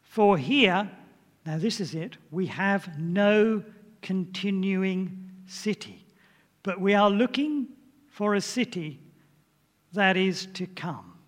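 High-voiced older preacher in an echoing hall. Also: male voice, slow pace, pauses often. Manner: chatty, asks the audience questions. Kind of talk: informal sermon.

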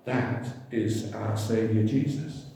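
An older man preaching a sermon, slow and emphatic, calling out to the congregation for responses. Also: fairly low pitch, mellow, distant mic. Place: large echoey church hall. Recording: echoey hall, faint room noise.

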